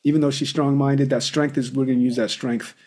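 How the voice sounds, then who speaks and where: A man's voice: medium pitch, flat delivery, brisk, a little mellow. Emphatic male marriage coach hosting a call. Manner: direct, emphatic, calls the caller brother.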